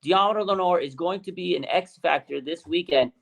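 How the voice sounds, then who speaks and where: A man's voice: a little fast, gravelly. Hyped man calling his game predictions. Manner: hyped, repeats names for emphasis, gets loud and high. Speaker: co-host of a fan show. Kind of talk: excited casual sports talk.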